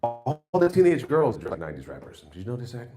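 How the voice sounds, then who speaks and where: Lively, rambling New comic, forties. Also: male voice, mid-range voice, quick pace, soft background music. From New York. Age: 40s. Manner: rambling and self-mocking, with loud jumps into put-on exclamations. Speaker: stand-up comedian. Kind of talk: stand-up set.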